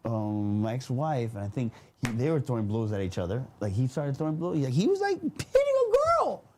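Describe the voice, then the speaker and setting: A man on a podcast spins a story in loose, slangy chat, his pitch bouncing all over the place. He laughs easily and keeps tossing in filler phrases as he goes. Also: wildly swooping pitch, a little fast, darkish tone, slight background noise. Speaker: podcast guest.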